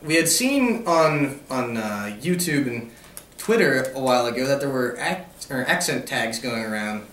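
A man interviewing his friend in a relaxed, friendly way. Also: medium pitch, a little slow, slight background noise. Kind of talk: casual interview. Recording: echoey room, far from mic.

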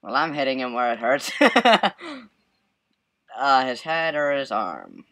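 A man giving casual gameplay commentary as he plays, excitable, yelping and laughing at the action and humming to himself. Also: medium pitch, slow pace. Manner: excitable, bursts into yelps and laughs, hums to himself. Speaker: let's play gamer.

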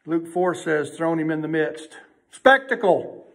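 A man preaching a sermon in a folksy way, emphatic and swinging between loud and hushed delivery. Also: a little high, expressive, measured pace, creaky.

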